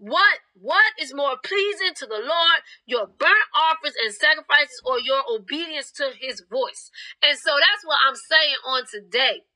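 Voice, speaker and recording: A woman's voice: sits high, lively intonation, a little slow, bright, forceful tone, low-quality recording. A young woman preaching a fervent sermon, retelling scripture in her own words.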